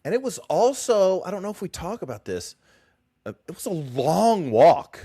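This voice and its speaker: Give it as an animated man co-hosting a book chat, teasing and quick to laugh, with a slightly high voice that swings around a lot. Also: slightly rough. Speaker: podcast co-host.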